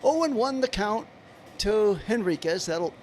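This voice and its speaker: A man with a notably high voice calls a baseball game live for his stream. He mixes the pitch-by-pitch calls with loose, rambling chat to viewers. A faint hum of background noise sits under his voice. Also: lively intonation, a little slow. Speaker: livestream baseball commentator. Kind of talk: live play-by-play commentary.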